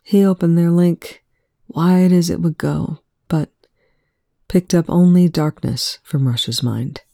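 A woman reads fiction aloud, slow and soft-spoken. Her low voice has a gravelly fry and a dark, mellow tone. The sound is close and dry. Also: no room sound. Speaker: fan fiction reader. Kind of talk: reading fiction aloud, then casual commentary.

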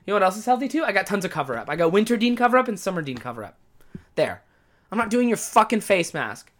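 A man riffing alone on his podcast in an exasperated, swear-heavy comic rant. His voice is bright and cutting, and his pitch swings widely as he works himself up. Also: very animated, fast. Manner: profane, exasperated comic ranting. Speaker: podcast host. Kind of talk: casual podcast monologue.

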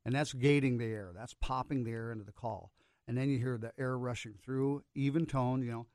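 A man explains quickly as a guest, walking through a demonstration in a hands-on, casual way. His voice is close and dry. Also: medium pitch, fairly even intonation, darkish tone, no echo. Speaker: duck-call expert guest.

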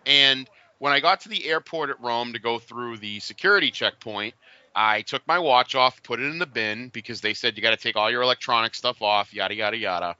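A man in his forties chatting casually and telling an animated story, acting out the voices of the people in it. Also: medium pitch, a little fast, no room sound, dull audio. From Boston area. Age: 40s.

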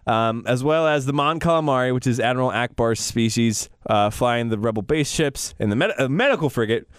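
A young man co-hosting a casual chat, jokey and animated, often acting out lines in silly voices. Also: medium pitch, a little fast, no room sound, studio quality. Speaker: podcast co-host. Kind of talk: casual chat recapping a film.

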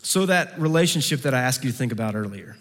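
A man preaching a sermon who acts out quoted voices and moves between soft, low passages and lively, raised ones. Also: quick pace. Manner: acts out quoted voices with big pitch swings. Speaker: pastor. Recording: long hall reverb.

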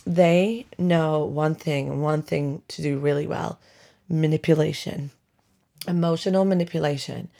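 Wry gravelly-voiced woman podcasting at home. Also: sits low, fairly even intonation, unhurried, mellow. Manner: chatty and wry, laughing often, venting. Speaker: podcast host. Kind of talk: casual solo podcast chat. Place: bedroom at home.

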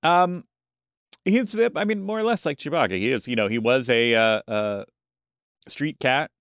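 A man co-hosting a casual podcast chat, halting often and repeating words as he thinks aloud. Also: mid-range voice, lively intonation, a bit bright, clear, resonant tone, no room sound, clean studio sound. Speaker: podcast co-host.

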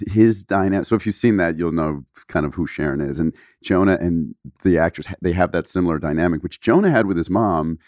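A man's voice: low-pitched, fairly quick, hardly any pauses, no room sound, studio quality. A man hosting a podcast, telling anecdotes casually and animatedly. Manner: animated storytelling with mimicked voices. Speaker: podcast host. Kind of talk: casual chat.

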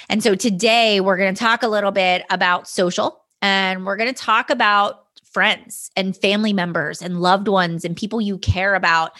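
A woman's voice: medium pitch, sharp tone. A woman in her thirties hosting a solo podcast from home, telling personal stories in an earnest, motivational way. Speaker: podcast host. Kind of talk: casual solo podcast talk. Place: home, indoors.

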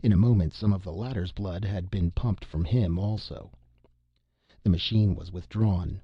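Deep-voiced male audiobook narrator. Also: normal speed, husky, no echo, dull audio.

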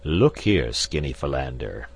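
A man's voice: sits low, animated, normal speed, breathy edge. A man voicing an elderly professor who talks in long-winded, stilted, formal sentences. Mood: belligerent. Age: older. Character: elderly pompous male professor.

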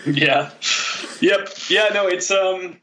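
Man, bright tone, casual co-host, rambling with fillers and restarts. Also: high-pitched, takes it slowly, slight background noise. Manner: rambling, many fillers and restarts, laughs often. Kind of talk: casual chat.

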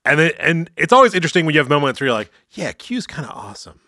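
A man's voice: fairly high pitch, big pitch swings, rapid-fire, pushed and bright, no echo, clean studio sound. A man co-hosting a podcast, chatting casually as he recaps a TV episode and acts out quotes in mock voices. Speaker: podcast co-host.

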